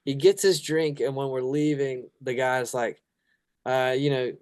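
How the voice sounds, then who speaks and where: Smooth-voiced man recounting a prank. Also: mid-range voice, a little slow, no room sound. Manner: relaxed, amused anecdote telling. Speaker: band member guest. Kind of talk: casual storytelling.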